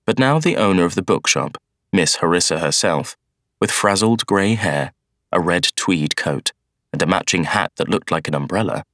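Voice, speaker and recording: A man reading an audiobook in unhurried, expressive scripted narration. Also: deep voice, no echo, studio quality. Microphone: studio microphone.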